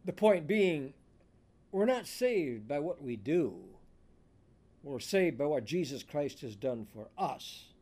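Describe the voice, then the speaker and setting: A man preaching a sermon as pastor, reading scripture aloud with deliberate emphasis. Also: a little high, big pitch swings, darkish tone.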